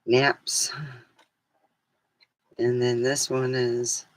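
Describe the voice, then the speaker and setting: A woman vlogging in a rambling, hesitant way, losing her train of thought, then leading a slow guided meditation. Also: rumbling low, little pitch movement, no room sound, low-quality recording. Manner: soothing, slow guided relaxation. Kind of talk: casual chat and guided meditation.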